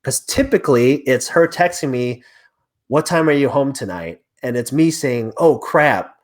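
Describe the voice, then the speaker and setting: A man in his thirties talks through a personal story as an interview guest. He is animated, jumping into the voices of the people he quotes, and his voice sits at an ordinary middle pitch. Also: normal speed. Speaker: real estate agent, podcast guest.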